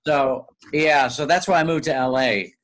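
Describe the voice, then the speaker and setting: A male actor telling lively, self-mocking stories in a casual interview. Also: fairly high pitch, normal speed. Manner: animated, self-mocking storyteller. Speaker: guest actor.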